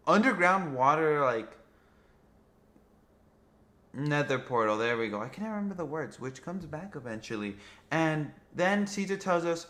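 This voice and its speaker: A young man casually narrating gameplay footage, rambling and excitable, swearing freely. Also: medium pitch. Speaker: gaming vlogger.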